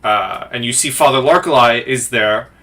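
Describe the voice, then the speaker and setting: A man narrating as game master of a tabletop game, halting and full of fillers. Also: medium pitch, bright, forceful tone. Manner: halting, many fillers and restarts.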